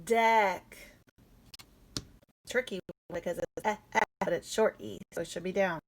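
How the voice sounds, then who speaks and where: A woman teaching a phonics lesson to young children, sounding out letters clearly and encouraging them. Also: on the low side, steady tone, brisk, slight background noise, poor audio. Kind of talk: early-reading phonics lesson.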